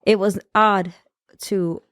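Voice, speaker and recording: Podcast co-host: Puerto Rican woman, 30s, lively storyteller, dry close mic. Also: mid-range voice, slow, no echo. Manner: animated, laughing, snarky asides. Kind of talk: casual storytelling chat.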